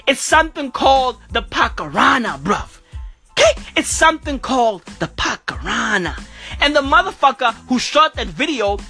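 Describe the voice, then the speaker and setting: Lively husky profane woman ranting. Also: high-pitched, normal speed, soft background music. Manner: profane, repeating bruv and okay. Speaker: comedian vlogger. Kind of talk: profane comic rant.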